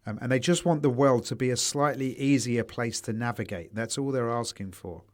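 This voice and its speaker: A man's voice: medium pitch, normal speed. A man co-hosting a casual podcast chat, swearing freely and telling anecdotes with quoted voices. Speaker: podcast co-host.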